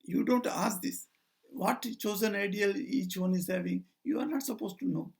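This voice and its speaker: Older guy giving a spiritual talk, gravelly and kinda husky, tells lots of stories. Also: high-pitched, moderate pace. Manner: storytelling, acts out quoted dialogue, digressive. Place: talk at a society house, indoors.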